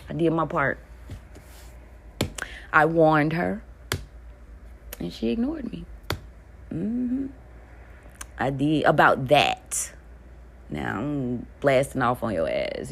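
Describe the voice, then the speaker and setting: A woman's voice: deep voice, vocal fry. A woman in her thirties telling her story in a casual monologue, blunt and profane, laughing between lines. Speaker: spiritual content creator.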